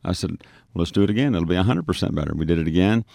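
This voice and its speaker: A man with a deep, low voice tells a story of his street ministry, stumbling and restarting as he goes. He acts out the dialogue he recalls. The recording is dry and close. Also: animated, very fast, creaky, darkish tone, no room sound. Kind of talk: telling a testimony on a radio show.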